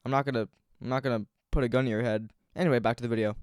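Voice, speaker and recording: A man's voice: medium pitch, fairly even intonation, very fast, darkish tone, clear, resonant tone, no echo, clean studio sound. A man casually recapping game missions at home, mumbling and joking crudely. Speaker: gaming commentator. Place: home room, recorded late at night.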